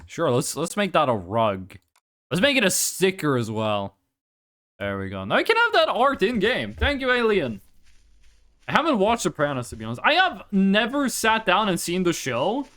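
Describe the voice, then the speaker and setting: Lively, swearing game streamer. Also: medium pitch. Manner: chatty, swears freely, bursts into excited exclamations. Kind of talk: casual live gameplay commentary.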